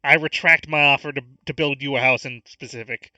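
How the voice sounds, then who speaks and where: A man voicing a stern male townsman who sets firm terms, halting and repeating words. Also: medium pitch, fairly even intonation, sharp tone, dry recording, distant mic.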